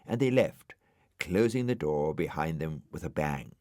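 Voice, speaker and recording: A man narrating a children's storybook aloud with gentle expression. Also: extremely low pitch, animated, a little slow, no echo, studio quality. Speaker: audiobook narrator. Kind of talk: storybook reading.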